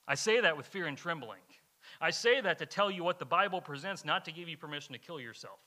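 A male pastor delivers a sermon in a very bright, ringing voice set a little high. He speaks earnestly and with emphasis, often repeating key lines for weight. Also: lively intonation, fairly quick. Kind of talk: sermon, question and answer. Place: church, streamed live.

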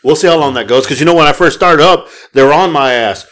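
A man's voice: a little high, lively intonation, a little fast, hardly any pauses, fairly bright tone. A man co-hosting a podcast in casual chat, ranting with heavy profanity. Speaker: podcast co-host.

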